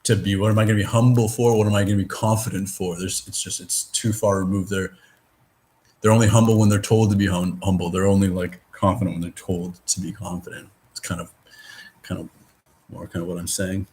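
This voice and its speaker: A man in casual conversation, talking in a rambling, halting way with many fillers and restarts, and swearing now and then. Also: low voice, level tone, darkish tone. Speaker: discussion participant.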